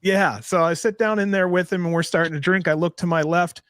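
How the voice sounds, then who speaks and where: A man's voice: high voice, fairly even intonation, a little fast, a bit bright, clean tone, dry recording, clean studio sound. A man hosting a casual interview, telling laid-back, profane stories and laughing often. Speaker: interview host.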